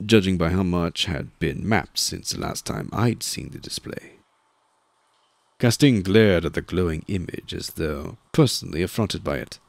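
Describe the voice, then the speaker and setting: A man narrating a first-person audiobook in a dry, measured storytelling manner. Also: low voice, vocal fry, a little mellow, no room sound.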